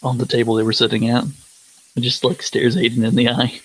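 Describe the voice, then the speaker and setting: A man's voice: mid-range voice, monotone, moderate pace, a little hiss or hum, poor audio. A man playing a tabletop game, narrating hesitantly with fillers. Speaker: tabletop player. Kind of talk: casual tabletop role-play.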